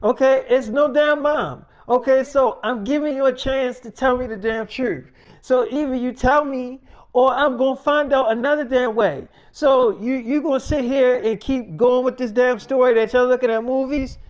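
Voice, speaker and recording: A man's voice: extremely high pitch, fairly even intonation, normal speed. A young man doing an angry swearing mother. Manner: swearing, scolding, threatening. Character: furious strict mother scolding her teen daughter.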